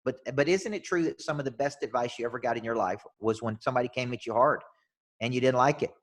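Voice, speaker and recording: Emphatic American coach telling stories. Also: male voice, medium pitch, fast talker. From United States. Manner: emphatic, repeats words when starting sentences. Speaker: business coach, podcast guest. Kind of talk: energetic storytelling in a podcast interview.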